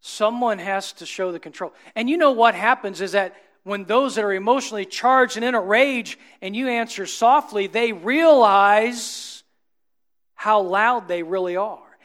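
High-voiced man preaching a sermon. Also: moderate pace, few pauses. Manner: rising to emphatic peaks, then dropping low and soft; asks the congregation rhetorical questions.

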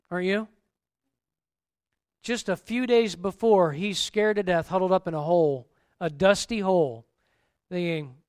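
High-voiced preaching man, animated. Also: clean tone, no room sound, clean studio sound. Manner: animated preaching, acts out the Bible figures' lines. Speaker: pastor. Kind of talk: sermon.

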